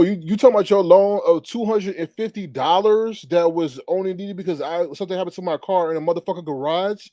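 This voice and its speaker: A man's voice: high voice, warm tone, dry recording. A man hosting a livestream, angrily ranting in a profane, repetitive way. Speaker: livestream host. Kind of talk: heated livestream rant.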